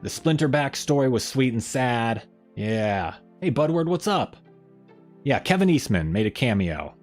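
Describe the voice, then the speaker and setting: A man's voice: mid-range voice, very animated, unhurried, soft background music. A man hosting a casual live stream, rambling along and reading viewer comments aloud.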